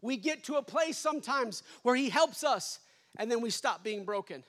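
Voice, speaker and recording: A man preaching a sermon as pastor, building to shouts and dropping to hushed endings. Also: very high-pitched, moderate pace.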